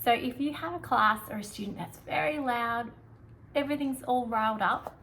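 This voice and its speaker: A woman's voice: on the high side, normal speed, a bit bright, a little hiss or hum, poor audio. Upbeat Australian woman teacher. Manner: chatty, upbeat, drops into whispers to demonstrate. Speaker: prep teacher. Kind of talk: teaching tips video.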